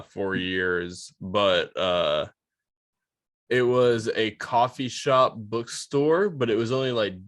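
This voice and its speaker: A man's voice: fairly low pitch, a bit bright, no room sound, clean studio sound. A man co-hosting a casual podcast, telling rambling stories in a laid-back way, laughing often and swearing. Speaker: podcast co-host. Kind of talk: casual storytelling chat.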